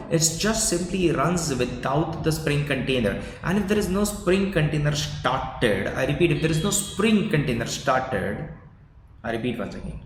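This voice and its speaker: A man teaching a live online coding workshop, repeating key points and coaxing answers from his class. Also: medium pitch. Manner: emphatic, repeats points, coaxes replies. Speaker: software trainer. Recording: echoey roomy sound, long reverb, faint noise.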